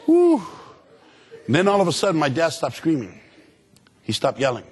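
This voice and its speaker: Husky, animated male motivational speaker. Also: a little high, brisk. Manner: animated, humorous, call-and-response with audience. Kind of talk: energetic motivational speech to students.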